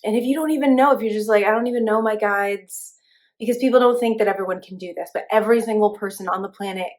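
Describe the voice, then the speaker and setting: A young woman teaching a spiritual class in a relaxed, chatty way, with many fillers and restarts. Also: medium pitch, rapid-fire. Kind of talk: casual spoken class.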